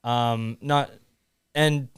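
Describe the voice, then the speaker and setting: A man's voice: medium pitch, steady tone, clean tone, no echo, clean studio sound. A young man co-hosting a podcast, talking casually with lots of restarts and fillers. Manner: halting, many restarts and fillers. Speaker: podcast co-host. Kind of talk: casual conversation.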